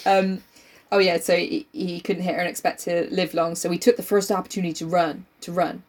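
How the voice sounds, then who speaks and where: A woman's voice: on the low side, little pitch movement, fairly quick. A young woman co-hosting a casual book chat, reading passages aloud, laughing often and swearing casually. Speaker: co-host reading a novel aloud.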